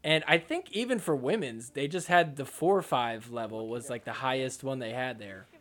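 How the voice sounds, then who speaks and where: A man's voice: mid-range voice, moderate pace, a bit bright. A young man hosting a podcast, recapping a sports match in a casual, sarcastic way and mocking the players with imagined lines. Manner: sarcastic, jokey, voices players' imagined thoughts. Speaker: podcast host.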